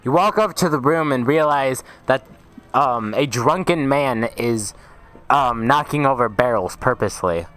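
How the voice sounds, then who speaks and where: A man's voice: mid-range voice, a little slow, fairly bright tone, low-quality recording. A young man narrating a tabletop game as game master, casual and teasing, often stumbling over words.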